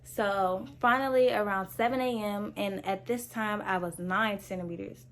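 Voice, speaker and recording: A woman's voice: medium pitch, fairly even intonation, moderate pace, a little hiss or hum. A young woman casually telling her own story to her viewers, candid and chatty, with lots of "like" and "so I'm like". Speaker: vlogger.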